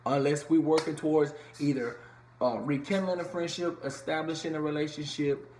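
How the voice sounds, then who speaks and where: A man's voice: fairly high pitch, fairly even intonation, normal speed, darkish tone, slight background noise. A man giving a casual, blunt, profanity-filled rant reviewing a reality show from a room at home. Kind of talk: casual vlog commentary. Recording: echoey room, faint ambience.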